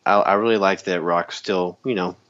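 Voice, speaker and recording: A man's voice: deep voice, steady tone, moderate pace, fairly bright tone. A man co-hosting a podcast in casual chat, ranting with energy and laughing often. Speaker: podcast co-host. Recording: dull lo-fi sound.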